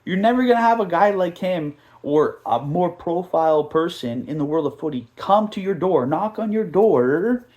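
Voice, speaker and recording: Animated man ranting on a soccer podcast. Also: high-pitched, normal speed, few pauses, highs cut off. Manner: animated, mocking, rambling with asides and put-on quotes. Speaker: podcast host. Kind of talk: casual soccer podcast rant.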